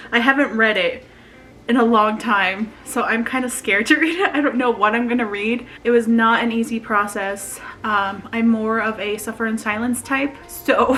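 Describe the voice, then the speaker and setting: A woman's voice: fairly high pitch, a bit bright. A woman in her twenties chatting in a confessional vlog, emotional and laughing nervously as she reads her old journal aloud. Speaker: vlogger.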